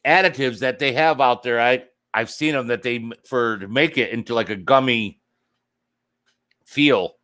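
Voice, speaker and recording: A man's voice: medium pitch, moderate pace, bright, forceful tone. A man hosting a casual livestream, rambling and joking as he answers viewer comments. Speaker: livestream host.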